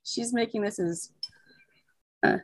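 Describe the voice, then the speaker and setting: A woman's voice: mid-range voice, slow, breathy edge. A woman playing a tabletop game, chatty and a little hesitant as she checks rules. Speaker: player. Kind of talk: casual tabletop game play.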